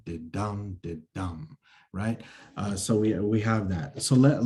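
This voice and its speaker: A man lecturing on verse and meter over a video call. His voice sits low and mellow, and he speaks slowly. He stops and restarts often, filling the gaps with ums and you-knows. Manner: halting, many fillers and restarts. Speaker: acting instructor. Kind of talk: online lecture with screen share.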